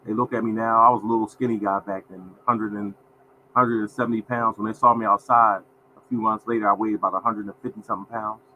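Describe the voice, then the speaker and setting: The recording is muffled with slight background noise, carrying a man's fairly low, level-toned voice at a quick pace. He's in his fifties, hosting a casual livestream in a folksy, repetitive way and often calling viewers "y'all."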